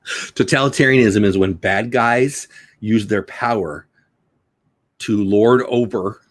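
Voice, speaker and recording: A man's voice: fairly low pitch, slow, no room sound. A middle-aged man hosting a casual home livestream, rambling and joking while reading chat comments aloud. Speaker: livestream host.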